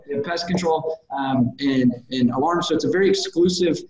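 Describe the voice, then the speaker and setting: A man's voice: a little high, brisk, darkish tone, highs cut off. A man hosting a casual podcast, wrapping up with upbeat promotional talk. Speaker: podcast host. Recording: echoey room, mic at a distance.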